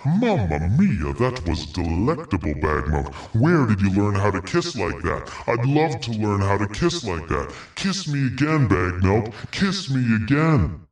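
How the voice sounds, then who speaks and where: A man's voice: fairly low pitch, very animated, a little slow, few pauses, pitched above the performer's own voice. A man voicing a swooning, lovestruck man who gushes over a kiss in an over-the-top way. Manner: mock-romantic, over-the-top gushing. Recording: roomy and distant.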